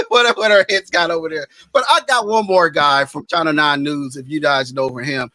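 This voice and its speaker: A man's voice: on the high side, normal speed, sharp tone, no echo. A man emceeing a live roast, teasing and laughing as he talks over a video call. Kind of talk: live show banter.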